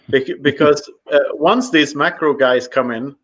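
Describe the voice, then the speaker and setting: A man in his forties with a Swedish accent, a podcast guest in casual chat, halting and full of fillers, quick to laugh. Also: on the high side, fairly bright tone. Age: 40s. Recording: muffled lo-fi audio.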